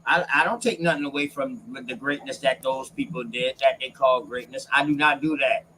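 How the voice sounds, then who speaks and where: A man's voice: mid-range voice, fairly even intonation, normal speed, pushed and bright, slight background noise, poor audio. A man talking bluntly and with profanity in a casual panel discussion over a video call.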